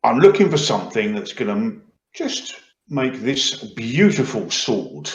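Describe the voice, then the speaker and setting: A man's voice: mid-range voice, big pitch swings, measured pace. A man playing in a tabletop game, talking playfully and animatedly. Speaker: player. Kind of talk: casual chat in a tabletop game. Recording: echoey, dull lo-fi mic.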